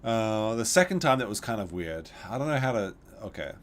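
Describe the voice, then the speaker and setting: A man's voice: fairly low pitch, a little fast, a little hiss or hum. A man telling a long rambling story while streaming a game, with frequent restarts and asides. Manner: rambling, animated, with many restarts. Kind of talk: casual livestream storytelling.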